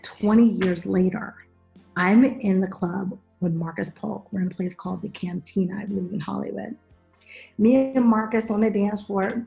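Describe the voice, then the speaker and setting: A middle-aged woman talks casually on a podcast with a gravelly, mellow voice. She tells her stories in an animated way and acts out the lines of the people in them. Faint music plays underneath. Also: medium pitch. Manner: animated storyteller, acts out quotes. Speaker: podcast host and actress. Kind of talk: casual chat, storytelling.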